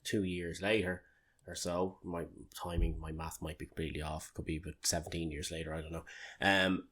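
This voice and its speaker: A man's voice: deep voice, steady tone, moderate pace, a bit bright, slightly rough. An Irish man co-hosting a podcast in casual chat, rambling and joking with loose swearing. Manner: rambling, swears freely, jokey. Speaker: podcast co-host.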